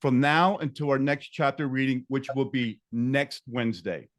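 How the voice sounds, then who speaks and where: A man hosting an online book-discussion session on a video call, earnest and encouraging, repeating key lines slowly. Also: medium pitch. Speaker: online group facilitator.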